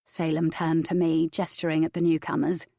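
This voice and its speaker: A woman reading an audiobook in the first person with steady, even storytelling. Her voice is warm, mellow and slightly low. The recording is dry and close, with no room echo. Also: normal speed, gravelly. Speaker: audiobook narrator. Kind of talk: scripted first-person narration.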